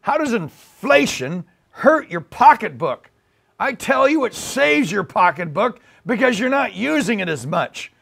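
A man's voice: high voice, very animated, vocal fry, a bit bright, breathy edge, heavily acted. Man doing a rambling confused old president. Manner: halting, repeating himself, trailing off.

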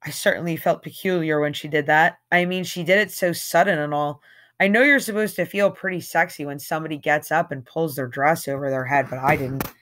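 A woman's voice: sits low, a bit bright. A woman reading a novel aloud in a casual, conversational way, with an occasional slip. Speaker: audiobook reader.

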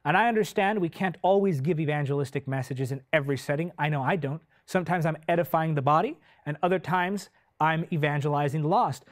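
A man preaching a sermon with passion, speaking directly to his listeners, drawing out key words slowly, swelling loud and then dropping to a hush. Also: a little high, no room sound, studio quality. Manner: impassioned, swells loud then drops soft; slow, drawn-out delivery when stressing key words.

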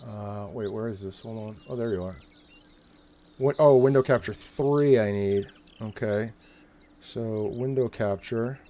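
Host voice: a male streamer, energetic and casual, swears, narrates his own fiddling with the setup, faint noise behind. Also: fairly low pitch, unhurried. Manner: energetic, swearing, thinking aloud while fiddling with settings. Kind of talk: live stream chat.

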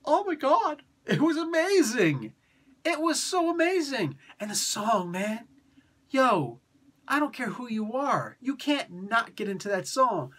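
A woman's voice: on the high side, sing-song, a little slow, fairly bright tone, husky. Exasperated woman ranting about comics. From Italy. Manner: exasperated, repetitive, keeps saying "man". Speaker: comic book reviewer. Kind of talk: casual ranting review.

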